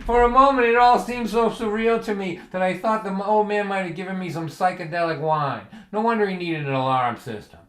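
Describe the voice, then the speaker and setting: A man's voice: high-pitched, fairly quick, few pauses. A man telling humorous stories on a livestream in a dry, wry way. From Massachusetts. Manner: wry, deadpan with bursts of loud acted quotes. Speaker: folk singer and storyteller. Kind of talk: humorous storytelling. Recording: echoey room.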